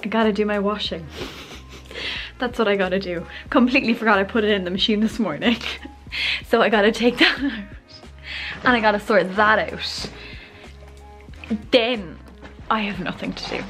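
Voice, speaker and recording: A woman's voice: mid-range voice, normal speed, pauses often, a bit bright, soft background music. A young woman in her twenties, chatting casually to the camera in a rambling way, full of "like"s. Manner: rambling, says "like" a lot. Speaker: vlogger.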